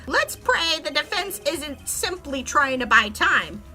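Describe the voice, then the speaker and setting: A woman voicing a smug, sneering male prosecutor while reading game dialogue aloud, with a slow, taunting delivery. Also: sits high, very animated, pushed and bright, faint music behind, pitched above the performer's own voice, heavily acted.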